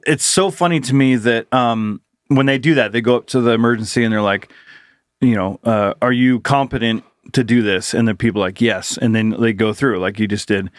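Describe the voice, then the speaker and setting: Man in his forties, casual chatty podcast talk, mid pitch, dry sound. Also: no room sound. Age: 40s. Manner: rambling, laid-back, swears freely. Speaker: podcast co-host. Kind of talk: casual comedic chat.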